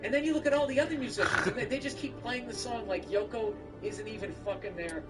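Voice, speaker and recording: A man's voice: very high voice, quick pace. A man in casual chat, ranting with heat and lots of swearing. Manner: heated, profane, acts out angry rants. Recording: stream audio with clear game music.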